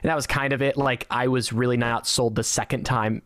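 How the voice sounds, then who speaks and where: A man's voice: medium pitch, fairly quick, no room sound. A man co-hosting a casual film podcast, jumping into playful voices whenever he quotes a character. His voice sits close and dry on the mic, with no room around it. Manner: animated, acts out quotes, laughs often. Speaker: podcast co-host. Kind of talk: casual movie review chat.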